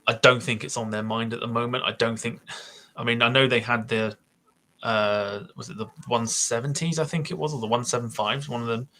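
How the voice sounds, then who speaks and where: A man's voice: medium pitch, steady tone, brisk, bright, forceful tone, low-quality recording. A man hosting a podcast, thinking aloud in casual chat with many hesitations. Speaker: podcast host.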